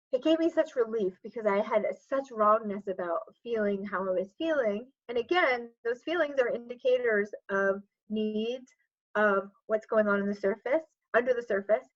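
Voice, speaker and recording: A woman speaks as a podcast guest in an earnest, reflective way, her voice sitting a little high. She talks loosely, leaning on "like" and "sort of" as she thinks aloud. The audio is dull and lo-fi. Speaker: transformational coach, podcast guest. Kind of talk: casual interview conversation.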